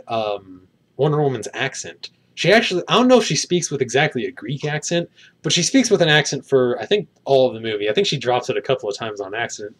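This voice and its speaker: A man's voice: on the high side, slightly rough. A man giving a casual spoken film review outdoors, rambling and hedging with many fillers.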